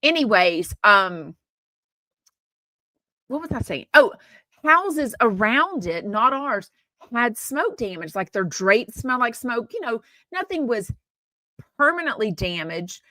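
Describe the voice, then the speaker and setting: A woman's voice: fairly high pitch, very animated, slow, long pauses, bright, forceful tone, dry recording. A woman hosting a podcast, chatting about gossip in a rambling way with lots of fillers and asides. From Texas. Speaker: podcast host. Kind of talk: casual gossip chat.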